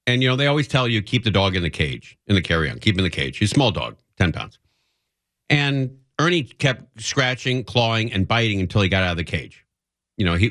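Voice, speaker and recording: A man's voice: lowish voice, fairly bright tone, no room sound. A man hosting a radio talk show, telling rambling, self-mocking stories in casual chat from a studio microphone.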